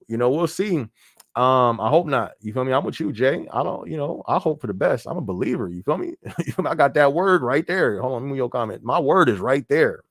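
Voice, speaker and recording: Man, casual live-stream host, mid-pitched voice, dry close sound. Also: brisk, no room sound. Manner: relaxed, laughs often, reads viewer comments aloud. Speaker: podcast host.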